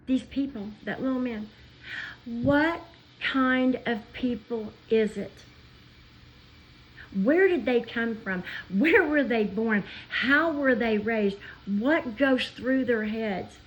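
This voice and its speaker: A woman vlogger telling stories in an emotional, indignant rant, pausing as she speaks. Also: fairly high pitch, highs cut off. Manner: indignant, impassioned storytelling with pauses. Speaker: commentary vlogger.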